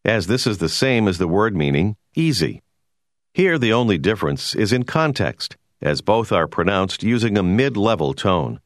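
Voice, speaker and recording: Male course narrator, deep and expressive, measured explanatory read, dry booth. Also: dry recording. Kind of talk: scripted educational narration.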